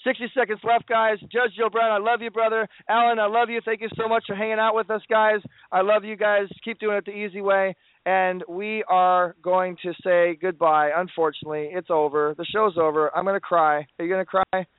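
Male radio host, fast, effusive plugs, tinny phone-like sound. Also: sits high, little pitch movement, no echo. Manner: effusive, pleading, playful. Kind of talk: excited promotional sign-off. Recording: tinny phone-like line, dry.

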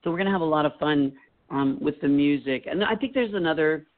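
A man's voice: on the high side, animated, brisk. An older man chatting as a guest in an interview, in a jokey, rambling way. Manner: jokey, rambling, slips into impressions. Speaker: guest entertainer. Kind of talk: casual interview chat. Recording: tinny phone line.

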